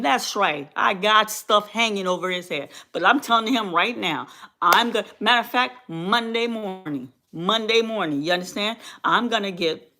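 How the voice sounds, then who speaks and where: The sharp-toned, medium-pitched voice belongs to a woman hosting her own livestream. Fiery and repetitive, she delivers a heated rant packed with exclamations and comments aimed at her chat.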